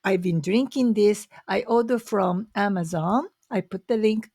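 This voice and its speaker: A woman's voice: mid-range voice, a little slow, darkish tone, husky, dry recording, clean studio sound. A Japanese woman speaking English with a Japanese accent, chatting casually and enthusiastically to camera as a vlogger, with many fillers.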